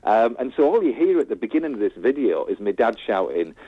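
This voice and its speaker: A man telling stories in a casual interview, animated and chatty, laughing often. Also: medium pitch, fast, breathy edge, no room sound, phone-quality sound. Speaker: guest, TV presenter.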